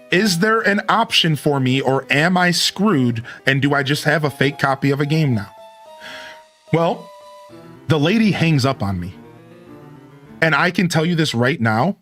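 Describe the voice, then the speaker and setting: Animated man telling a story. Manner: acts out both sides of phone calls with big pitch jumps. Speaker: streamer. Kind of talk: animated storytelling to stream chat.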